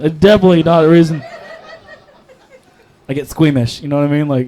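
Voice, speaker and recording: Young North Carolina man with a Southern accent, slightly high voice, crude and rambling stand-up delivery. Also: fast, pauses often, warm tone. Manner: crude, rambling, self-mocking with laughs. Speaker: stand-up comic. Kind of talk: open mic stand-up comedy.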